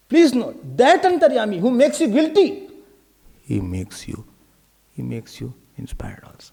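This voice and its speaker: An Indian English accented man teaching scripture in a lively discourse, his voice sitting high and leaping up and down through each sentence. He talks animatedly and drops Hindi and Sanskrit words into his English. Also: normal speed, gravelly. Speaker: spiritual teacher.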